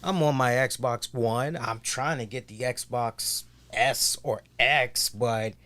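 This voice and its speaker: A man co-hosting a podcast who tells stories in a casual, animated way and swears constantly. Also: medium pitch, takes it slowly. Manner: heavy swearing, animated storytelling. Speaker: podcast co-host. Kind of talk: casual chat.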